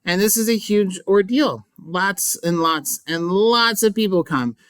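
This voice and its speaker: Casual recap teacher, smooth clear tone, loose chatty asides. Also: medium pitch, measured pace, fairly bright tone, dry recording. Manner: playful, mock-dramatic. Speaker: English teacher.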